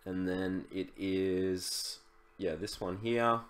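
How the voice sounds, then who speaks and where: Chatty young man, fairly low. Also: fairly even intonation, slow. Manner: chatty, loose, with many fillers and restarts. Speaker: e-commerce YouTuber. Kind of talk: casual screen-share tutorial.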